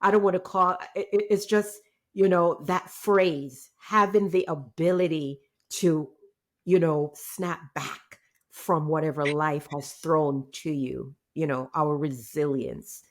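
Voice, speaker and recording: Jamaica-born woman coach, deep and unhurried, sincere answers. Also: steady tone. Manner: earnest, measured, faith-filled speech. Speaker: resilience coach guest. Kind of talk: reflective interview answers.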